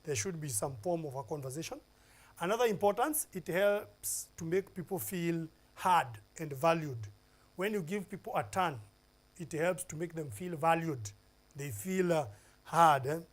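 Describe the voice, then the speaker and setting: A Kenyan man teaches an oral English lesson for television. His voice sits a little high, and he walks through numbered points with emphatic stress and frequent "uh"s. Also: expressive, normal speed. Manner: emphatic, lists points one by one with fillers.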